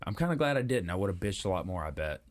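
A man's voice: deep voice, big pitch swings, very fast. A man co-hosting a casual movie podcast, rambling and swearing freely as he talks through a film, often restarting his sentences. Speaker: podcast co-host. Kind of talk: casual movie review chat.

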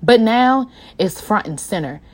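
A woman hosting a podcast, talking in an impassioned, casual monologue that swings between a low, quiet voice and a raised one, addressing her listeners as y'all. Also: expressive, unhurried, slightly rough. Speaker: podcast host.

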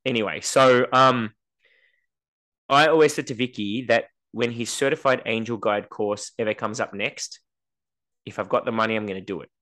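A man's voice: medium pitch, moderate pace, fairly bright tone. A man co-hosting a podcast in casual chat, telling stories and acting out the voices of the people he quotes. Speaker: podcast co-host.

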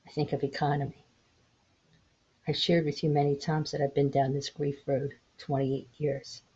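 Husky-voiced woman in her sixties hosting a podcast. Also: low-pitched, little pitch movement. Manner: gentle, unhurried reading of a parable. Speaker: podcast host. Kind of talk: reflective storytelling podcast. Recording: dull lo-fi home recording.

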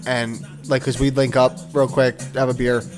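Male podcast co-host, mid-pitched, animated profane storyteller, faint music underneath. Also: normal speed. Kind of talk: casual storytelling chat.

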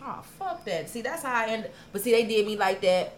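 Profane, animated woman telling stories. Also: a little high, brisk, a little hiss or hum. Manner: profane, animated, acts out quoted arguments. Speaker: podcast co-host. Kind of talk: casual storytelling chat.

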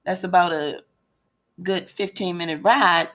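A woman telling a story in casual, slangy, profanity-heavy chat, quoting people with animated voices. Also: on the low side, measured pace.

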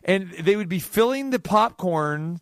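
Male radio host, high-pitched and lively, casual storyteller who acts out quotes; dry studio sound. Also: measured pace, no room sound. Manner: animated storyteller acting out quoted dialogue.

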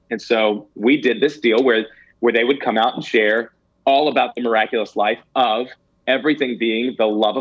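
A man's voice: medium pitch, fairly bright tone, husky, lo-fi sound. A man giving candid personal testimony as an interview guest, earnest and self-deprecating, with some stammered restarts. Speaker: guest telling a ministry story.

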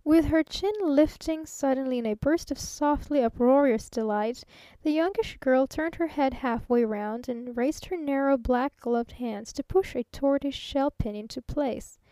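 High-voiced woman narrating an audiobook. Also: a little slow, mellow, no echo. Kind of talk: scripted narration.

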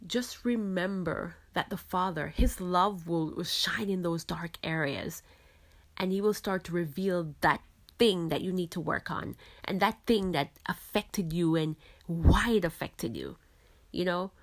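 A woman's voice: on the low side, unhurried. Earnest woman host from the islands. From Caribbean islands. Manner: earnest, reflective, frequent "you know". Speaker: podcast host. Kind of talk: faith-based podcast talk.

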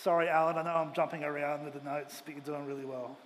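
High-voiced preaching man in echoing hall. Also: fairly even intonation, fast. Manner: earnest, emphatic preaching with rising emphasis. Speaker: pastor. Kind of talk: sermon. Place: church auditorium. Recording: long hall reverb, faint ambient noise.

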